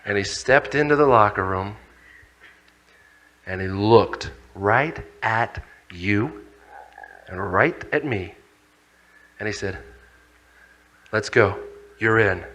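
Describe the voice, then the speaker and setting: A man giving a religious youth talk, telling a humorous story with excited, acted-out outbursts. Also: lowish voice, slow, long pauses. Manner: animated, humorous, acts out scenes with excited outbursts. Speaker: speaker.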